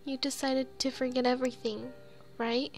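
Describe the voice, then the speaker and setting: A woman's voice: high-pitched, flat delivery, moderate pace, soft background music. A woman voicing a timid, tearful young woman in a horror game, reading her pleading, self-blaming lines aloud. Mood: sad.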